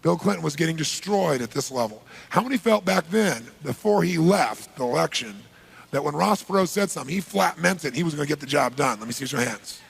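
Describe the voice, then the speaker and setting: Gravelly husky man working a big crowd. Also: a little high. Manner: energetic, punchy, polls the crowd with quick questions. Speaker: seminar speaker. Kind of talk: live seminar talk to a large audience. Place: large seminar hall with a live audience.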